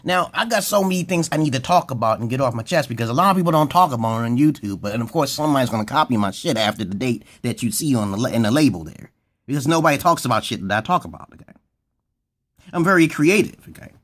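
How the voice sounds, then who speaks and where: A man vlogging a rambling comedic monologue, swearing freely, drifting off topic and jumping suddenly into a high, excited voice. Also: fast talker. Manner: profane, digressive, often breaks into laughter.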